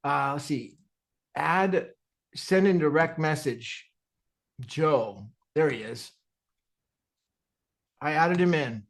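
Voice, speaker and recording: A man's voice: on the high side, takes it slowly, creaky, long pauses. A man hosting a live audio chat, casual and jokey, laughing often and calling people "dude". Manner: laughing, loose and jokey, says "dude" a lot.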